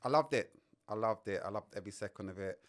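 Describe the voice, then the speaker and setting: A man's voice: lowish voice, quick pace, fairly bright tone. A young English man with a London accent co-hosting a comedic film review podcast, teasing and playful. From England. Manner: playful, laughs and teases. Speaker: podcast co-host.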